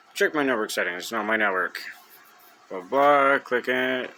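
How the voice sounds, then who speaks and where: A young man ranting angrily to camera about a game, swearing heavily, with loud outbursts. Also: mid-range voice, expressive, moderate pace, pauses often, slight background noise. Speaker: gamer venting on video. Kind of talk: angry rant to camera.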